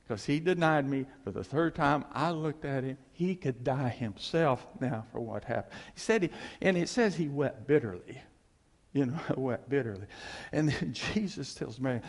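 Man, gravelly, husky, informal bible teaching, acts out scenes, reverberant hall. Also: medium pitch, expressive, normal speed. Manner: conversational, acts out scenes, laughs often.

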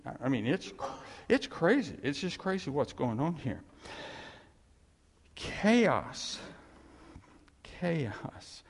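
A man's voice: mid-range voice, slightly rough. A man preaching a sermon as a pastor, emphatic and repetitive, with chuckling asides. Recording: echoey hall reverb.

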